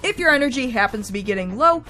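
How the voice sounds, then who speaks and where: A woman's voice: a little high, animated, quick pace, sharp tone, faint music behind. A woman narrating a scripted game review in a wry, chatty way.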